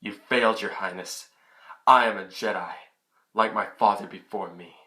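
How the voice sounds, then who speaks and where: A man quoting an earnest, determined young male hero in a hushed version of his own voice. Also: fairly low pitch, normal speed, voice pushed down.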